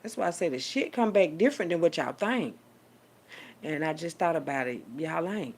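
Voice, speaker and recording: Gravelly woman preaching a profane rant. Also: lowish voice, very animated, a little fast. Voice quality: swings between hushed asides and loud outbursts. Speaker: vlogger giving a street sermon.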